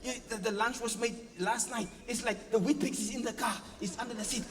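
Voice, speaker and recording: A pastor preaching a sermon, asking the congregation for agreement and acting out family scenes with playful voices and sound effects. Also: male voice, extremely high pitch, fairly even intonation, brisk, very noisy. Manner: preaching with call-and-response questions to the congregation. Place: church hall. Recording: long reverb of a church hall.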